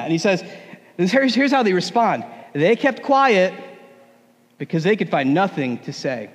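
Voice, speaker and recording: A man preaching a sermon in a relaxed, conversational way, with humor. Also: high-pitched, unhurried. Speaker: pastor. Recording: long hall reverb.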